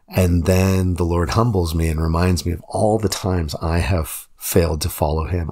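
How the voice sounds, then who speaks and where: A man with a deep, low voice reflects on a Bible passage in an earnest, conversational way. His tone is gravelly and a little husky. He sounds like a pastor talking through a reading with his listeners. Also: darkish tone.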